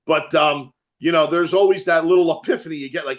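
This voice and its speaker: A man's voice: on the high side, fairly even intonation, brisk, dull audio. Laughing, profane New Jersey man. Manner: rambling, laughs often, swears freely. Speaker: interview guest, metal musician. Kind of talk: casual chat.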